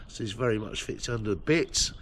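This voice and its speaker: A man with a hoarse, croaky throat hosting a casual repair video, explaining the job in a laid-back way with lots of fillers. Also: fairly low pitch, fairly quick. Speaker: host doing vehicle repairs. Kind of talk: casual how-to narration. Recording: loud background noise with clicks.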